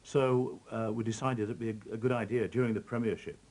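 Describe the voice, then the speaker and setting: Very deep-voiced man telling a story. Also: a little fast, low-quality recording. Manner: relaxed, with fillers and restarts. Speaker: interviewee. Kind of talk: recounting a story in an interview.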